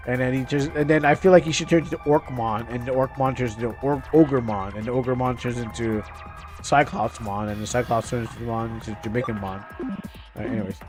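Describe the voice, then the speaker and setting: Stumbling young male game streamer. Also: mid-range voice. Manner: stumbling, restarting words while reading aloud. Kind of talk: casual gameplay commentary, reading game text aloud.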